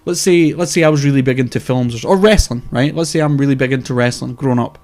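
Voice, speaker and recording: A man co-hosting a podcast in casual chat, animated and swearing freely. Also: mid-range voice, quick pace. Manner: animated, swears often, laughs.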